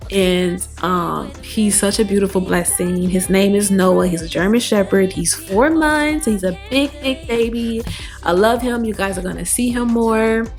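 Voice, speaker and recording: A young woman talks casually through a makeup routine at home, her voice tired and a little raspy. She is chatty and animated and drifts into talk about faith. Soft music plays faintly behind her. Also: medium pitch. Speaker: beauty vlogger. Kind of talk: casual chat while doing makeup. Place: home, new apartment.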